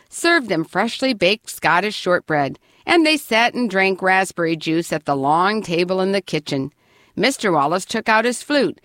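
Woman storyteller, children's book, animated pitch, dry close read. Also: no room sound. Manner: expressive, lively reading.

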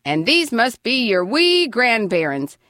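A woman voicing a genial older man, a castle caretaker who talks slowly and broadly. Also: mid-range voice, animated, bright, forceful tone, dry recording, studio quality. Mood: jovial. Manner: slow, broad, jovial.

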